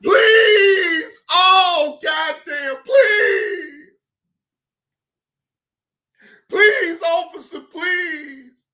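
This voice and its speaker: A wailing, sobbing woman begs the officer over and over, as a man mimics her. The voice is pitched high and bright, and the pleading comes out loud and drawn-out. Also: full character voice. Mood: mock crying.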